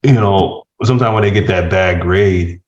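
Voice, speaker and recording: A middle-aged man chatting casually as a podcast guest, telling stories with laughter and lively voice swings. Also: sits low, normal speed. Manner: animated storyteller, laughs while telling stories. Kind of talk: casual chat. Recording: dull lo-fi sound.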